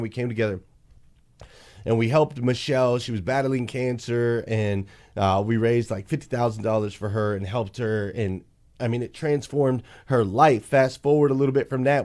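An earnest man hosting his show, speaking to his community with feeling. He repeats words for emphasis and talks to listeners as y'all, at a middle pitch. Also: a little mellow. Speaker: host. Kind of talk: emotional community pep talk.

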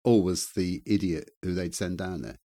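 Male co-host, low voice, dry close sound, self-deprecating anecdotes. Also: moderate pace, mellow, no echo. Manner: rambling, self-deprecating storytelling. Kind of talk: casual chat.

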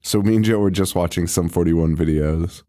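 Casting note: young male podcast co-host, mellow dark tone, loose and profane, laughs a lot. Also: low voice, moderate pace. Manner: laid-back, swears a lot, laughs often. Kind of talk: casual chat.

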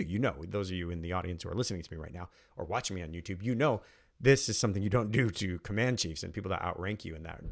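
A man's voice: on the low side, gravelly. A man, a former airman turned trainer, telling a personal story in an earnest, emphatic way, repeating phrases for weight. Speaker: podcast host and trainer.

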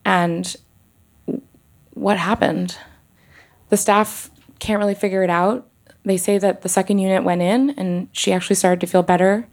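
A woman doctor telling a personal story on stage, halting and emotional, with many restarts and pauses. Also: medium pitch, steady tone, a little mellow.

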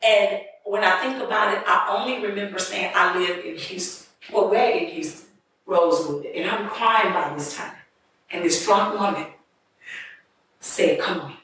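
Woman sharing a testimony, earnest and conversational, mid pitch, heard from a distance in a reverberant room with faint ambience. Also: normal speed, a bit bright, slight background noise. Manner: earnest, conversational, emotional retelling. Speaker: speaker giving a testimony. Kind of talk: personal testimony storytelling. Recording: distant mic in echoey room.

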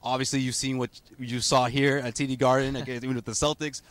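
A man's voice: medium pitch, level tone, fast talker, a bit bright, no echo. A man hosting a sports talk show, chatting with guests in a friendly, teasing way. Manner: friendly, teasing, laughs easily. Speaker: show host. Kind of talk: casual sports panel chat.

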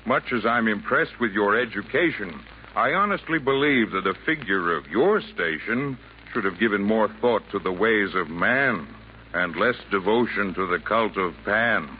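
A man playing a calm, wise Santa Claus in 1940s radio acting, gently lecturing in rhyming verse, on a tinny old broadcast with faint hiss. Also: on the low side, normal speed, natural voice.

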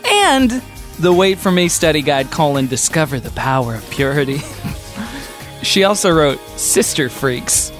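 A man's voice: a little high, sing-song, unhurried, over music. A man co-hosting a comedic podcast, talking in a wry, joking way and laughing often. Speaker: podcast co-host.

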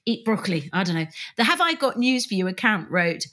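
Lively, bright-voiced British woman host. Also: mid-range voice, a little fast, few pauses. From Britain. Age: middle-aged. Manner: chatty, laughs often, mimics polite Brits. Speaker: podcast co-host. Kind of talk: casual chat.

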